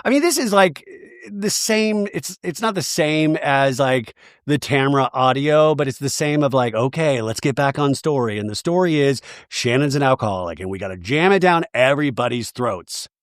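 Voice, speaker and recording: A man's voice: mid-range voice, expressive, moderate pace, hardly any pauses, dry recording, studio quality. A man hosting a podcast, giving a rambling, sarcastic, profane comedic recap of a TV episode. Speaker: podcast host.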